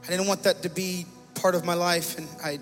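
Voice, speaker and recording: Bright-voiced pastor preaching. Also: male voice, high voice, flat delivery, fairly quick, big-room sound, faint music behind. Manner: personal testimony, growing emotional and loud. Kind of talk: sermon. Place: church sanctuary.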